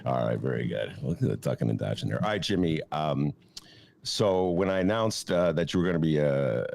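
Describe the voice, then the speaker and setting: A man's voice: extremely low pitch, lively intonation, fairly quick, gravelly, darkish tone, a little hiss or hum. A man hosting a casual interview show, joking and teasing his guest. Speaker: radio show host.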